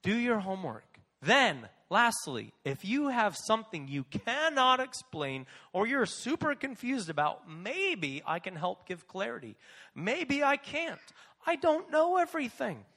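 A man preaching in a high, lively voice that swoops up and down as he hammers on his points and says them again and again. His sermon rings through a church sanctuary with a long, echoing reverb. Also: measured pace. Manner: animated, emphatic, repeats key phrases. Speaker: pastor.

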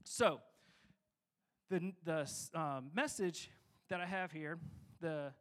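A man's voice: a little high, slow pace, long pauses, a bit bright. A young man giving a sermon as a pastor, talking casually and rambling with lots of fillers.

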